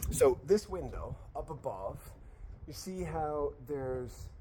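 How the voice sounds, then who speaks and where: A man's voice: on the high side, expressive, slow, warm tone. Chatty man explaining a house build. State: a little out of breath. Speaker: real estate agent touring a house build. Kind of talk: walkthrough explainer vlog. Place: outdoors on an unroofed house frame.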